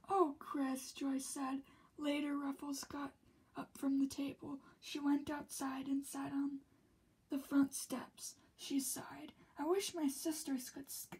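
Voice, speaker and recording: A woman reading a children's picture book aloud, slipping often into a soft whisper between the characters' lines. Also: high voice, low-quality recording.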